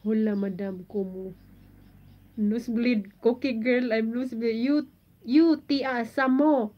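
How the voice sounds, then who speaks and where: Slow-talking Filipino woman streamer. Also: on the high side, steady tone, dull audio. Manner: playful, giggly, sounding out foreign phrases. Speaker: live streamer reading viewer comments. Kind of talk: casual livestream chat.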